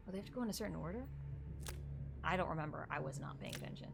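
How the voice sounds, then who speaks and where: A woman's voice: low voice, rapid-fire, vocal fry, slight background noise. A young woman streaming a horror game, chatting casually and thinking aloud, easily spooked. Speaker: gaming streamer. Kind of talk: casual live-stream commentary.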